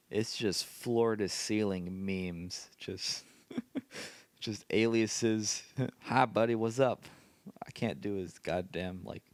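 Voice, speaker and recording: A man with a lowish voice talks slowly through a late-night solo podcast. He sounds tired, rambles loosely and keeps breaking into laughter at himself. The sound is dry and close, with no room echo. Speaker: podcast host.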